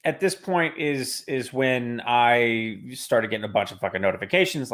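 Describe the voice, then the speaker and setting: A man co-hosting a relaxed talk show, his voice sitting in an ordinary middle range. He speaks bluntly and swears freely, often rattling off points in quick bursts. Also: medium pitch. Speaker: podcast co-host. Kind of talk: casual chat.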